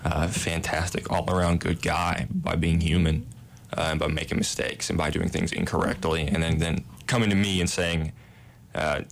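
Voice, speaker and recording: A man's voice: low voice, little pitch movement, normal speed, creaky. A young man, a residence hall director, answering interview questions in a modest, self-deprecating way with easy laughs.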